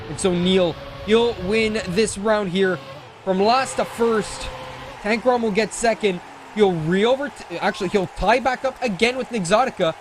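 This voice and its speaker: A man calls a live esports race in a high, eager voice, quick with jokes and quick to correct himself. Engine and game sounds run clearly beneath his commentary. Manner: excitable, jokey, rapid self-corrections. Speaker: esports caster. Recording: game engine and car noise underneath. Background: racing game sounds.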